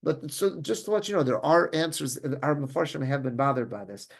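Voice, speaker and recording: A man, a rabbi, teaching a Torah class in an animated, conversational way, often restarting sentences and mixing in Hebrew terms. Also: fairly high pitch, a little fast, vocal fry.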